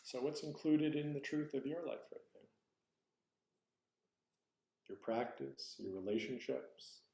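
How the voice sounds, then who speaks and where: A man's voice: mid-range voice, a little slow, gravelly, mellow. A man giving a dharma talk as a Zen teacher, reflective and searching, often correcting himself aloud. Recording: roomy echo.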